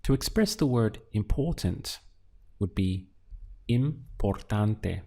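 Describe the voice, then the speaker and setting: A man teaching a language lesson, speaking calmly and patiently and pausing often so the listener can answer. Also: on the low side, vocal fry, breathy edge. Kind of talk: slow, deliberate language lesson.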